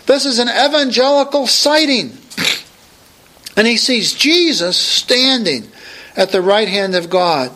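Male preacher, bright and sharp-toned, emphatic sermon delivery. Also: extremely high pitch, lively intonation, unhurried, roomy sound, rough recording. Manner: emphatic, raises voice to proclaim.

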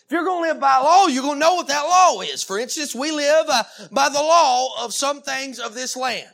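A man preaching a sermon, animated and emphatic, with frequent restarts and calls of amen. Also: very high voice, moderate pace, vocal fry. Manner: animated, with many restarts and Southern-style "y'all".

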